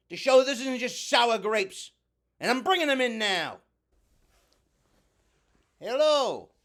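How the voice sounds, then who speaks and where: A man's voice: very high voice, fairly bright tone, heavily acted. Playboy, a man playing a ranting fire-god wrestler. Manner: ranting heel promo, blustering. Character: brash, self-proclaimed god of fire wrestler.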